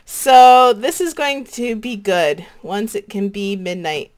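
A woman hosting a gaming channel, chatting casually and excitably as she plays alongside a partner. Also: medium pitch, slow. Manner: bubbly, excitable, chatters to herself. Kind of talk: casual gameplay chat.

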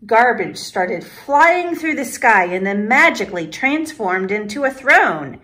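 A woman art teacher reading a children's storybook aloud in an expressive, unhurried storytelling manner. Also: on the high side.

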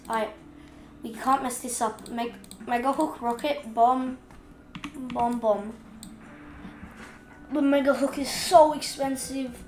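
A woman giving casual gameplay commentary, chatting along and scolding the fish in the game out loud while she has the hiccups. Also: sits high, steady tone, slow pace, long pauses, reverberant, a little hiss or hum. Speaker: gaming video host.

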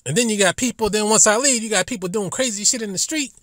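A man telling a profane story as a YouTube commentator, swinging between low muttering and loud outbursts. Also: fast talker, no echo, clean studio sound.

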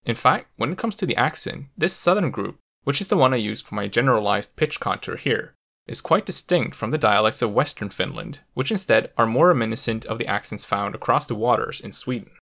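A man hosting a language education video, giving a clear, methodical scripted explanation with touches of dry humor. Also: medium pitch, lively intonation, a little fast, fairly bright tone. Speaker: host of a language education channel.

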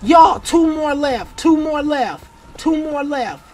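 A gamer offers casual, slang-heavy commentary on a horror game, panicking, repeating short exclamations, and breaking into shouts. The voice is high-pitched and expressive, and the pace is slow.

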